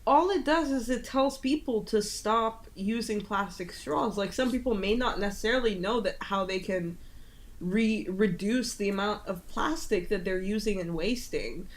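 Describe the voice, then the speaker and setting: A woman's voice: mid-range voice, moderate pace. Chatty woman podcast co-host. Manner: chatty, lots of fillers, swears freely. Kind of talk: casual chat. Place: home in Italy.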